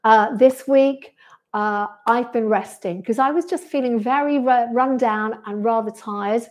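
A woman, speaking in a slightly higher register. She runs a relaxed live chat after a pilates class and responds warmly to each viewer comment. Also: a little slow. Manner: friendly, reads out viewer comments and replies to each. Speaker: pilates instructor. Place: sunny room indoors.

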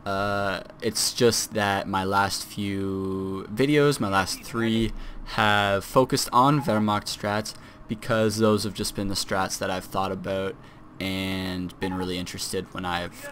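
A man's voice: lowish voice, fairly even intonation, unhurried, few pauses, a bit bright, slight background noise. A young man giving casual, self-deprecating commentary on a strategy game replay, with fillers and restarts.

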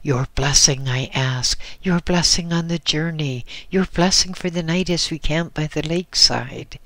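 A man voicing a huge, boisterous Tibetan trader who bellows and booms in a slow story reading. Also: fairly bright tone, no room sound. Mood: booming. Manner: bellowing, booming.

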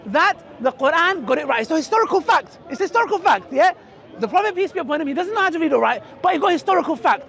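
A man's voice: extremely high pitch, big pitch swings, rapid-fire, a bit bright. A man debating in an outdoor park, mocking and emphatic, talking to the crowd. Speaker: street debater. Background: crowd chatter.

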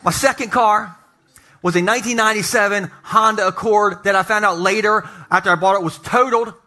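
Bright-voiced pastor telling funny stories. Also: male voice, sits high, fairly quick. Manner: humorous storytelling, animated asides. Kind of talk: sermon. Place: church sanctuary.

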